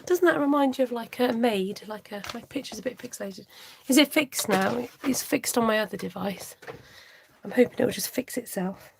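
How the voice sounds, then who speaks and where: A woman's voice: a little high, normal speed, creaky, slight background noise. Chatty woman hosting a craft stream. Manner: thinks aloud, hums, chats with viewers. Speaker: craft live-stream host. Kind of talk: chatty live crafting demo.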